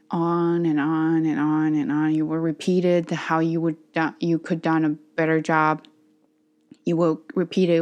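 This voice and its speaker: A tired woman talking in a casual personal vlog, earnest and self-reflective, speaking in halting phrases as she practices her English. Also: on the low side. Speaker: channel host practicing English.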